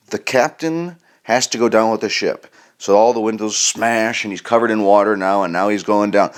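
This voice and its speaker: A middle-aged male comedian delivering a meandering, deadpan comic monologue, breaking now and then into loud mock line readings. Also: lowish voice. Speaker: comedian, podcast host.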